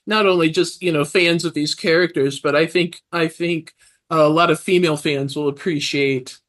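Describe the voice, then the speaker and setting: A woman's voice: deep voice, fairly even intonation, normal speed. A woman co-hosting a casual podcast interview, enthusiastic and full of praise for the book. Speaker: podcast co-host.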